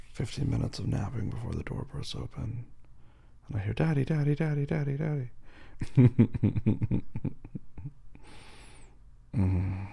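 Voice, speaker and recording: A tired man in a whispered role-play as a husband and father, talking softly and affectionately to his partner at bedtime. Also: on the low side, gravelly, husky. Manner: soft, sleepy and affectionate, calls the listener baby.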